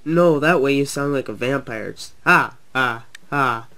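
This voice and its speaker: A young man voicing an excitable, prank-loving male toy engine, loud and playful. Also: medium pitch, measured pace.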